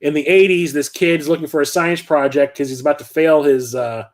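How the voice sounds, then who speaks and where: A man's voice: on the high side, fairly even intonation, fairly quick. A middle-aged man hosting a stream about his film collection, chatting casually and rambling with lots of fillers and the odd curse.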